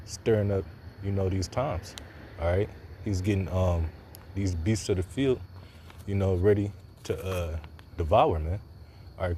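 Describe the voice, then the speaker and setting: A man's voice: sits low, mellow, slight background noise. A man commenting on a news clip in a preaching way, informal and loose, with many fillers and a repeated "all right". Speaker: religious commentator.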